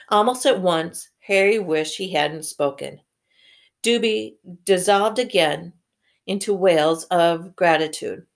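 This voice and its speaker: Slow, careful woman reading aloud. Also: lowish voice, creaky. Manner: slow, careful, stops to correct misread words. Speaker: reader. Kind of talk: read-aloud with think-aloud comments.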